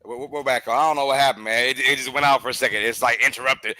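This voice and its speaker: A man hosting a live baseball watch-along, giving casual play-by-play commentary that is chatty and excitable, with loud outbursts and laughter. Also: fast, no echo, rough recording. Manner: chatty, drifts into side talk between pitches. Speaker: host of a live game watch-along stream.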